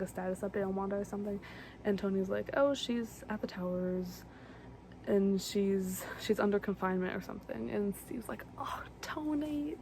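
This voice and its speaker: A young woman rambles through a film recap in an easygoing, chatty way, piling up fillers and side comments. Her mellow, darker voice carries a gravelly fry at the ends of phrases, with a faint hum of noise behind her. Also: mid-range voice. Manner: chatty, full of fillers and asides. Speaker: vlogger recapping films.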